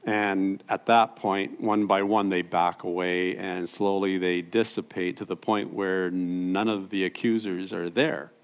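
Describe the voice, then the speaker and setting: A male pastor tells gospel stories from the pulpit. His voice has a gravelly edge, and he rises to loud, high peaks before falling to hushed, low asides. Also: steady tone, measured pace, hardly any pauses. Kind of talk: sermon storytelling.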